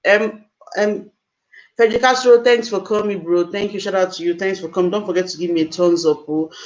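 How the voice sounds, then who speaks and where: A woman's voice: mid-range voice, steady tone, brisk, dull audio. A woman hosting a live stream, talking to viewers in a distressed, emotional, exclaiming way. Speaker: livestream host.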